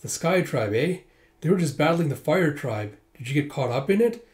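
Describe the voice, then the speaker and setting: A man's voice: fairly high pitch, lively intonation, moderate pace, darkish tone, close to an everyday voice. A friendly market merchant passing on local gossip, voiced by a man reading a manga. He talks in an easy, neighborly way, near a plain reading voice. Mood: chatty.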